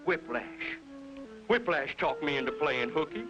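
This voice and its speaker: A man's voice: on the high side, lively intonation, measured pace, over music. A fretful rancher father. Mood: distraught. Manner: anxious, pleading. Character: fretful middle-aged male rancher and father. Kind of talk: 1950s cartoon voice acting. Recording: dull lo-fi old cartoon soundtrack.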